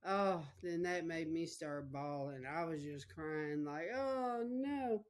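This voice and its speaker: A middle-aged woman with a low, steady voice preaches slowly, sharing a personal testimony. She tells it emotionally and repetitively, speaking straight to her listeners.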